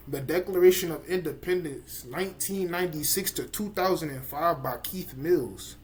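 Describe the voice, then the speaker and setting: Excitable slangy man hosting, noisy audio. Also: a little high, normal speed, few pauses. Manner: excitable, slangy, loose and joking. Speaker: podcast host. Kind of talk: casual chat.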